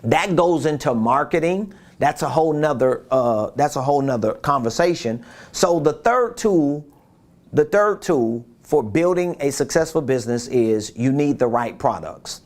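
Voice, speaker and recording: Male business coach, conversational and repetitive, voice sitting a touch high. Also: expressive, unhurried. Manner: conversational, repeats points, rhetorical questions. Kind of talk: casual coaching talk.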